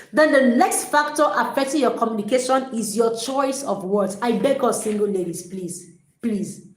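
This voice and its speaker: A woman's voice: fairly high pitch, a little mellow. A woman life coach giving a live coaching talk to single women, speaking emphatically, repeating key phrases and addressing viewers directly. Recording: roomy echo.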